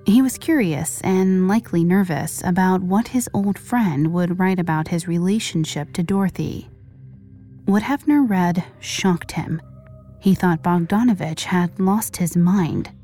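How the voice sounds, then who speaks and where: A woman narrating a scripted true-crime story with measured pacing and dramatic pauses. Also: fairly low pitch, warm tone, faint music behind. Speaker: podcast narrator.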